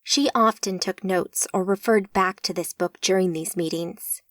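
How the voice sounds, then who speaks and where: A woman narrating an audiobook in a measured, unhurried reading. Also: fairly low pitch, fairly bright tone, no room sound, studio quality. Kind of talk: scripted narration.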